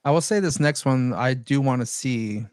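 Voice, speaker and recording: A man's voice: mid-range voice, moderate pace, a little mellow, no room sound. A man co-hosting a podcast in casual chat, reading out notes between laughs and casual swearing. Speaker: podcast co-host.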